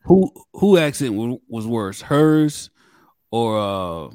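A man's voice: medium pitch, sing-song, slow, warm tone. A man co-hosting a casual recap, reading out viewer comments and teasing his co-host.

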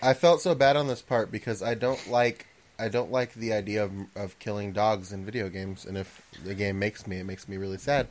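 A man's voice: fairly low pitch, steady tone, a little fast. A man co-hosting a casual podcast, joking around and hesitating with fillers. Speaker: podcast co-host.

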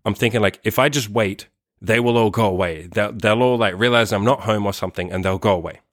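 Man, low voice, casual storytime, rambling, swears a lot, dry close sound. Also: brisk, a bit bright, no room sound. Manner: rambling, profane, heavy use of "like" and "right?".

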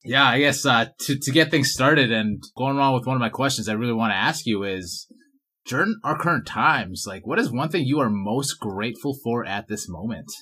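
Husky-voiced Canadian podcast host. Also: male voice, mid-range voice, moderate pace, bright, forceful tone. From Vancouver, Canada. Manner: friendly, enthusiastic, casual "dude" talk. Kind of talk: casual podcast interview.

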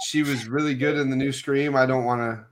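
A man's voice: mid-range voice, fairly even intonation, a little fast, rough recording. A man chatting casually as a podcast co-host, hesitant and full of fillers. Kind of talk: casual chat.

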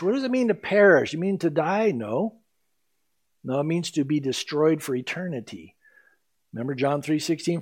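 A male pastor preaching a sermon, animated, acting out scripture quotes in his teaching. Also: on the high side, moderate pace.

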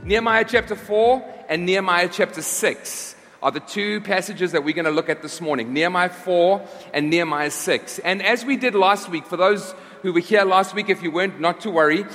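A man's voice: high-pitched, normal speed, hardly any pauses, a bit bright, faint music behind. A man preaching a sermon to his congregation in a conversational way, often restarting and repeating his phrases. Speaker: pastor. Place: church service. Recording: long reverb of a large hall.

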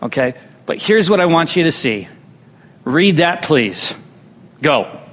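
A man's voice: on the high side, sing-song, slow pace, fairly bright tone, slight background noise. A man preaching a sermon as pastor, drawing his congregation into call-and-response. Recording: long reverb hall.

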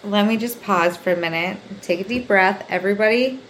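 A young woman hosting her own podcast, telling a story in a casual, animated way, swearing freely, filling her talk with "like" and acting out the people she quotes. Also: fairly quick. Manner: animated, acts out quotes with big pitch jumps; swears freely, says "like" constantly. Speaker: podcast host. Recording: faint background noise.

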